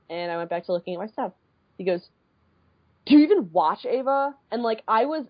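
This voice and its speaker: A young woman in her twenties, co-hosting a podcast and telling a story in casual chat, animated and peppered with swearing and fillers. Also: lowish voice, no room sound. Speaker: podcast co-host. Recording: dull lo-fi podcast audio.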